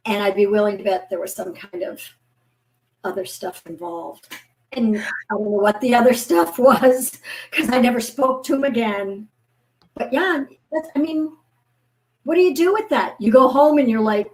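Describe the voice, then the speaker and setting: Her voice slightly high, this woman in her fifties appears as a guest author in a casual chat, spinning animated stories in which she voices everyone she quotes.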